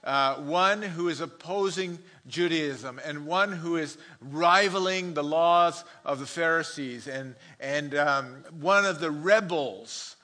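Pastor, male, high bright voice, sermon with funny asides and chuckles. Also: takes it slowly, few pauses. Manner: chuckles often, storytelling asides. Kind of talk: sermon with humorous anecdotes.

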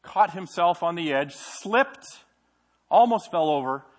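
In a church sanctuary, a middle-aged male pastor preaches a sermon in a conversational way, putting questions to the congregation. His voice is on the high side and expressive, and he doesn't hurry.

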